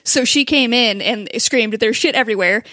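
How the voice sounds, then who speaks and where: A woman co-hosting a live stream, telling a story in a relaxed, amused way. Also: a little high, moderate pace, dry recording. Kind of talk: casual storytelling chat.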